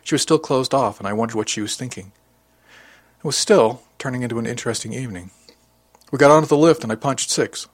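A man reading a first-person novel as an audiobook narrator, measured and close to the mic. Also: mid-range voice, no room sound.

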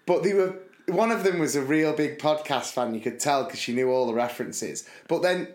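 Animated man telling stories, echoey room. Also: a little high, normal speed. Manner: animated storyteller, mimics friends. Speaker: podcast co-host. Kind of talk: casual chat.

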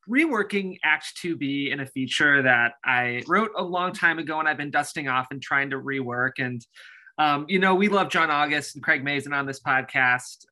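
A man co-hosting a screenwriting podcast in casual, upbeat chat, quick to laugh. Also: a little high, sharp tone. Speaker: podcast co-host.

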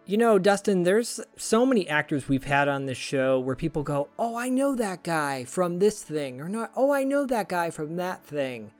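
A man co-hosting a podcast, giving quick, upbeat introductions in casual chat. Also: a little high, darkish tone. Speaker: podcast co-host.

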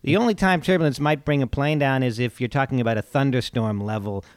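A man's voice: mid-range voice, quick pace, clear, resonant tone, no echo. A man who is a pilot, talking in a casual chat and explaining things hesitantly, often repeating himself. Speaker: podcast co-host, pilot.

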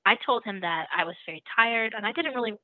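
A young woman on a call-in show spills a story with animated energy and frequent laughs. Her voice comes through a tinny phone line with no room around it. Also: on the high side, fast talker, no echo. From lives in the Netherlands. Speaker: caller. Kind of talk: casual storytelling.

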